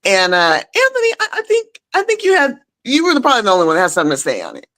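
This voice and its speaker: A woman's voice: on the high side, huge pitch swings, rapid-fire, fairly bright tone. A woman hosting a casual chat show, talking in a chatty way and laughing often between thoughts. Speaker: host.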